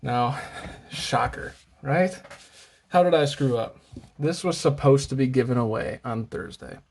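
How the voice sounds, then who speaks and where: A man's voice: mid-range voice, moderate pace, darkish tone. A man hosting a casual show-and-tell vlog, chatty and rambling, often correcting himself, slightly out of breath. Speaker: host of a knife and gear channel.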